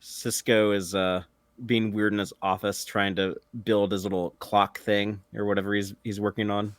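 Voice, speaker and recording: A man hosting a casual fan commentary podcast, explaining scenes in a laid-back, halting way. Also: on the low side, level tone, no echo.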